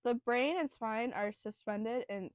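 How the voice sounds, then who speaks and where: A young student host explains biology on a casual educational podcast, nervous, self-deprecating and breathing heavily as she rambles. Her voice is on the high side and unhurried, with dry, close, muffled sound and no echo.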